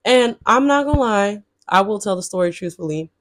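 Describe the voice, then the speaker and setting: A woman vlogger telling a story straight to her viewers, chatty and blunt, swearing freely and jumping into high exasperated outbursts. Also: lively intonation, brisk, no room sound, clean studio sound. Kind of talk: casual storytelling to camera.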